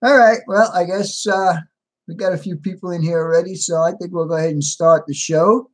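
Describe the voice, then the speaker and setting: A man's voice: on the high side, flat delivery, fairly quick. A man hosting a livestream, casually greeting viewers by name and answering chat, a little tired. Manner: reads out viewer names and replies to chat. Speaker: livestream host.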